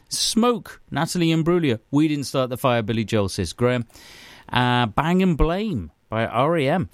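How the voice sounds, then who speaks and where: A man's voice: medium pitch, smooth, no room sound. A man presenting a casual radio show, reading out listener suggestions in an offhand, chuckling way with plenty of fillers. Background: music.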